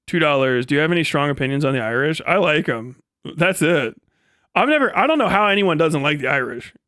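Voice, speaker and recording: A male live streamer talks casually, swearing freely and wandering from point to point. His voice sits high for a man, and the sound is dry and close with no room echo. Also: animated, fairly quick, pushed and bright. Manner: profane, rambling, laughs often.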